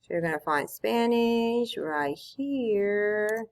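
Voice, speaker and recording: A woman's voice: medium pitch, lively intonation, slow pace. A woman teacher walking students through an online tool, patiently explaining step by step at her computer. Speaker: Spanish teacher. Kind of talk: screen-recorded tutorial.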